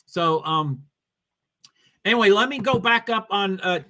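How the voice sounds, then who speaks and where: A man with a New England accent chats his way through a casual livestream, wandering from viewer comments to racing news. His voice sits high for a man and has a bright, forceful edge. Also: animated, unhurried. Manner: rambling, reads comments and news aloud. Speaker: livestream host.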